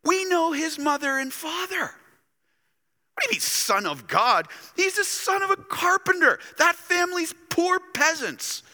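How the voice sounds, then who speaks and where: A man's voice: very high-pitched, very animated, a little slow, bright, forceful tone, in a large hall, voice pushed up, exaggerated voice. A man voicing a scoffing townsman who sneers in disbelief at a local upstart. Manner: sneering, incredulous.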